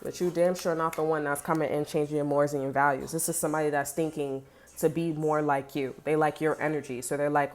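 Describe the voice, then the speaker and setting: A woman's voice: low-pitched, moderate pace, soft background music. A woman giving a casual tarot reading, blunt and sassy, swearing freely and talking straight to the viewer. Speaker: tarot reader.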